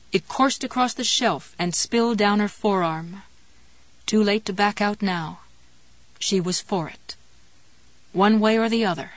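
A woman reading a grim novel aloud in a measured, steady storytelling manner. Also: mid-range voice, no echo. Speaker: audiobook narrator. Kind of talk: scripted narration of a horror novel.

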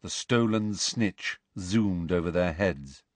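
A man narrating an audiobook with an expressive, varied reading. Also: sits low, slow pace, no echo.

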